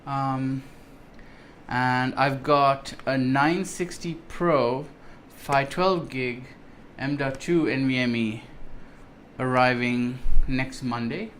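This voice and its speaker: A man's voice: mid-range voice, little pitch movement, takes it slowly, a bit bright, a little hiss or hum. A man vlogging an unboxing of computer parts in enthusiastic, rambling casual chat, with many ums and restarts. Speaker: tech vlogger.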